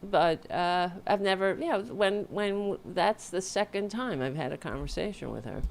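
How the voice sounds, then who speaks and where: She speaks at a moderate pace in a gravelly, expressive voice on the low side. Hosting her own livestream show at home with a home mic and audio interface, she chats casually and sounds tired, rambling and breaking off mid-thought.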